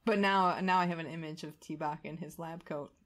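A woman's voice: sits low, steady tone, moderate pace. A woman co-hosting a podcast, reading news items and chatting casually with frequent laughs. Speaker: podcast co-host. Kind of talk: casual chat, news rundown.

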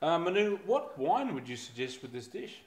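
A man, a co-host reading out viewer questions in a relaxed, jokey way. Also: on the high side, normal speed.

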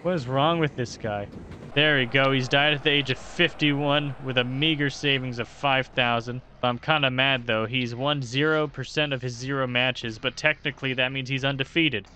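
A man's voice: medium pitch, steady tone, moderate pace, sharp tone, a little hiss or hum. A young man giving casual, joking let's-play commentary on a video game, swearing freely as he reacts to what happens on screen. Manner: profane, joking running commentary. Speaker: gaming YouTuber.

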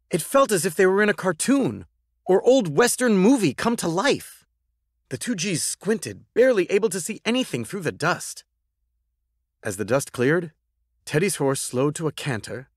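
A man narrating a children's time-travel story in a scripted, expressive reading. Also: a little high, no echo, studio quality.

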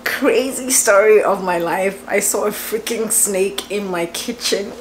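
A woman in her twenties, a vlogger telling a story at home in a lively, chatty way, laughing often and filling her talk with "like". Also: mid-range voice, a little slow, slight background noise. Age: 20s. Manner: animated, laughing, lots of "like" fillers. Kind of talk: casual storytelling vlog. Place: home, indoors.

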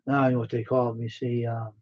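A man's voice: medium pitch, flat delivery, quick pace. Rambling man on a lo-fi live stream. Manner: rambling and friendly, full of fillers and repeats. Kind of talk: casual live stream chat with viewers. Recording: dull lo-fi stream audio.

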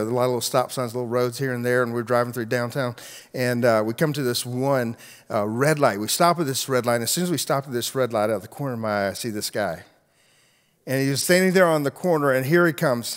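A middle-aged male pastor delivers a storytelling sermon, rising to loud, emphatic lines and then dropping to near-hushed asides. His voice sits at an ordinary male pitch. It carries the long reverb of a big church hall.

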